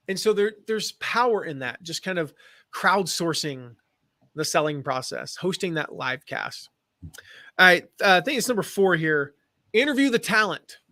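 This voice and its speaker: American guy, kinda high voice, loose chatty teaching with lots of ums, dry mic. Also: pushed and bright, no echo. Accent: General American. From American Midwest and South. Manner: chatty, rambling, with fillers and restarts. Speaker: affiliate marketing host. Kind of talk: casual live-stream teaching.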